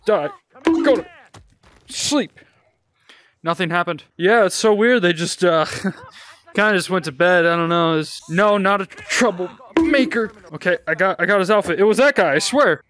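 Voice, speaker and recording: A man's voice: high voice, normal speed, a bit bright. A young man giving casual, joking gameplay commentary, sarcastic and swearing often. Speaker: gaming YouTuber.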